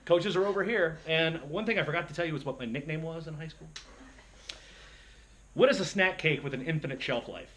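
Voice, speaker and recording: A man telling self-deprecating stories to an audience in an animated, lively speaking style. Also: a little high, brisk, a little hiss or hum. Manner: animated, self-deprecating, jumps into voices for quotes. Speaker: motivational speaker. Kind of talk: storytelling speech to an audience.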